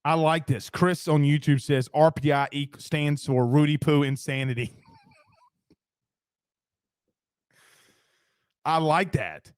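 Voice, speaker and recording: A man's voice: a little high, steady tone, clear, resonant tone, dry recording, studio quality. Emphatic man hosting sports talk. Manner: emphatic, rapid, reads viewer comments aloud and ribs his co-host. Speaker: sports podcast host. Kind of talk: casual sports talk show.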